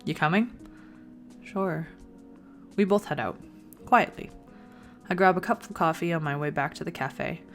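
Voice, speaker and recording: A woman's voice: fairly low pitch, moderate pace, faint music behind. A woman reading a visual novel aloud in the first person, with playful asides of her own. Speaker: gaming video creator.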